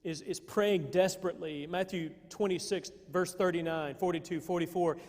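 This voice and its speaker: A man preaching a sermon in a relaxed, conversational way, often pausing and restarting his sentences. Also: high voice. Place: church sanctuary. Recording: long hall reverb.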